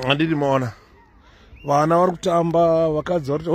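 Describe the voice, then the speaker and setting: A man's voice: fairly high pitch, fast talker, vocal fry. A man with a Zimbabwean accent giving a rambling, casual commentary to viewers while strolling through an outdoor city park, recorded on a handheld phone. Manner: rambling, conversational, chatty asides to viewers. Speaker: vlogger.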